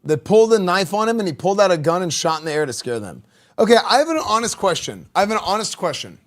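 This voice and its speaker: Male streamer, a little high-voiced, loose casual reaction chatter. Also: sing-song, quick pace. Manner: loose, rambling, says "like" and "dude" a lot. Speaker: livestreamer reacting to clips. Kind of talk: casual chat.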